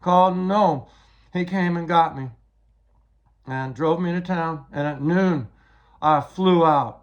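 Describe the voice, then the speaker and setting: A man's voice: fairly high pitch, slow, muffled recording. An older man giving a rambling, agitated personal account, often repeating words as he retells events.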